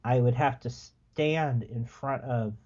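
A man's voice: mid-range voice, slow, highs cut off. A man guesting on a podcast, casually telling rambling stories about a past job. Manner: relaxed, rambling, frequent restarts. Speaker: podcast guest, former theme park worker. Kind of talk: casual storytelling.

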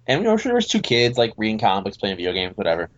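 A man's voice: fairly low pitch, fast talker, dull audio. A man on a podcast telling a long childhood story in casual chat, rambling and acting out the voices of people in it. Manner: animated, rambling, acts out voices in his story. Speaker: podcast guest.

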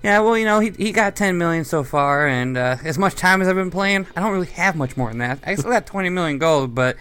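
A man's voice: high voice, lively intonation, fairly quick, a bit bright, smooth. A man co-hosting a podcast, telling a long, rambling personal story in a conversational way. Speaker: podcast co-host. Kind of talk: casual podcast chat.

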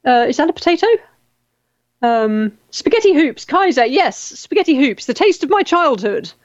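A woman's voice: high voice, big pitch swings, normal speed, no echo, muffled recording. A middle-aged English woman hosting a casual chat, reading out viewer comments and often repeating her words. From England.

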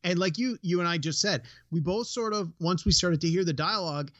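A man co-hosting a podcast, explaining his thoughts on comedy at length in a relaxed conversational way. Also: high voice, a little fast, no room sound. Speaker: podcast co-host. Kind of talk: casual film discussion. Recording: dry, dull lo-fi sound.

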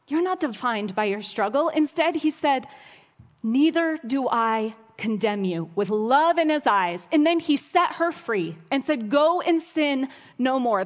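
A woman preaching a sermon, earnest and storytelling, with wry asides. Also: sits high. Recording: long hall reverb.

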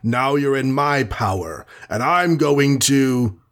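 A man voicing a giant, hot-tempered male superhero in a storybook reading, booming and roaring. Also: moderate pace, close to an everyday voice. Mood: furious.

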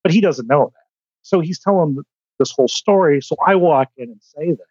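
A man's voice: on the high side, a little fast, dry recording, muffled recording. A man guest on a podcast, telling stories casually, acting out quotes and swearing as he goes. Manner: animated storyteller, acts out quotes, swears. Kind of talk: casual storytelling chat.

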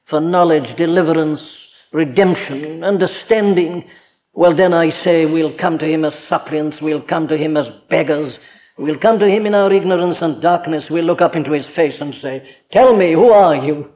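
A man preaching an earnest, emphatic sermon full of rhetorical questions, with an old lo-fi recording. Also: fairly high pitch. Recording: dull lo-fi archive recording in a reverberant hall.

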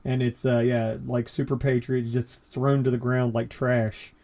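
Mellow-voiced man chatting about comics. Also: mid-range voice, little pitch movement, unhurried. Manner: laid-back, laughs often, rambling descriptions. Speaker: podcast co-host. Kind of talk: casual chat about comics.

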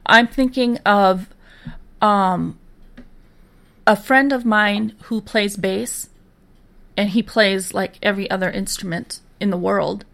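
A woman's voice: medium pitch, fairly even intonation, takes it slowly, gravelly, pauses often, a bit bright. A woman with a Minnesotan accent, co-hosting a podcast in casual chat and laughing easily. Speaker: podcast co-host.

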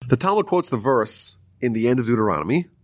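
A man teaching a Talmud lesson, retelling the sages' story in a lively, storytelling way. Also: fast, no room sound, studio quality. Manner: lively storytelling, rises high when telling the story. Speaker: Torah teacher. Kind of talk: explaining Talmud stories.

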